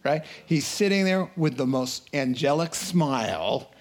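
Animated man preaching a sermon. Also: fairly high pitch, a little slow. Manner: animated, acts out crowd voices, rises to excited outbursts.

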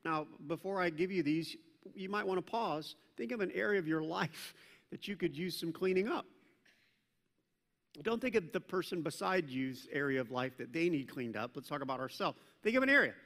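Speaking at a moderate pace in a large hall, this pastor has a higher-leaning voice. His sermon is lively storytelling, with scripture voices acted out and self-deprecating remarks dropped along the way.

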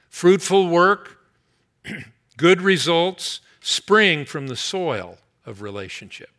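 Bright-voiced man preaching earnestly. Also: mid-range voice, creaky. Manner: earnest, emphatic preaching with slow prayerful stretches. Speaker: pastor. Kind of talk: sermon with closing prayer.

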